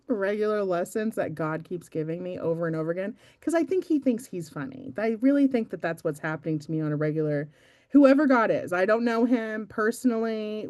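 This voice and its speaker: A young adult woman giving a casual, chatty motivational talk to her team, self-deprecating and full of fillers. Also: medium pitch. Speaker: team meeting speaker.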